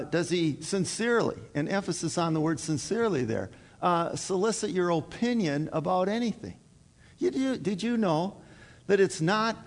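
A middle-aged man preaching a sermon in a folksy, halting way, full of fillers and repeated words. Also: on the high side, vocal fry. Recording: reverberant hall.

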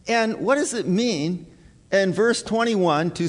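A man's voice: sits high, animated, slow pace. A male pastor preaching a sermon to his congregation in an earnest, emphatic way, repeating his key points. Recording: long hall reverb.

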